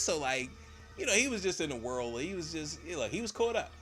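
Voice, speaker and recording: A man retelling a horror movie as a comedic recap on a live stream, talking in slang and putting on quick voices for the characters. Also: on the high side, sing-song, sharp tone, soft background music.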